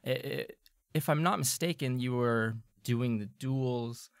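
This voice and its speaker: Snide, halting young male student voiced by a man, gravelly and mid-pitched; tabletop role-play NPC. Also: no echo. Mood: needling. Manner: stammering, halting, with pointed politeness. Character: young male student, stammering, passive-aggressive rival.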